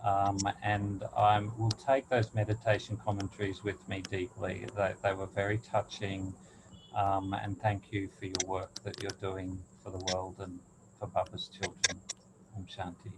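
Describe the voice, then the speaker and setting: An Australian man on a video call, speaking in a gentle, hesitant way with repeated starts. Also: deep voice, monotone, measured pace. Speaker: meeting participant. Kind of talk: casual online meeting chat. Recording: video call with clear background noise.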